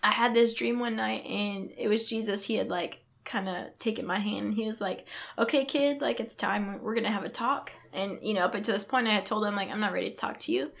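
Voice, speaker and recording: A woman's voice: medium pitch, steady tone, quick pace, creaky, few pauses, fairly bright tone. Earnest pregnant woman sharing her testimony. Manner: earnest, reenacts her own thoughts and others' words. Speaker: podcast guest. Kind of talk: emotional personal testimony.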